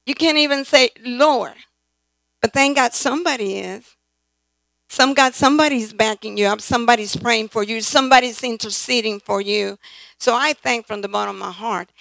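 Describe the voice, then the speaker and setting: A woman preacher with a high-ish, fairly bright voice and some vocal fry delivers an emphatic sermon. She often calls out "right?" and "amen?" to draw responses from the congregation. The recording is low quality with no echo.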